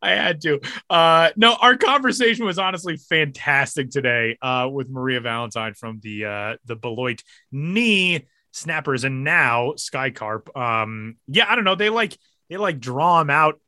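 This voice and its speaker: A man's voice: mid-range voice, a little slow, no room sound, studio quality. A young adult man hosting a podcast in casual chat, joking and laughing often. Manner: jokey, animated, laughs often. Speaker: podcast host. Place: home studio in Denver.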